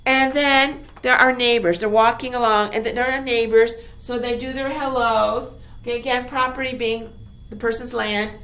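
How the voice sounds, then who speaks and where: A woman's voice: on the high side, steady tone, normal speed, a bit bright. A woman teacher explaining a poem to her class in a chatty way, often checking in with her listeners.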